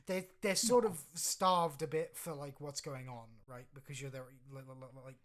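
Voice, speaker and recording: A woman's voice: a bass voice, fairly even intonation, moderate pace. A woman game master narrating a tabletop game, rambling and hesitant with many fillers and restarts.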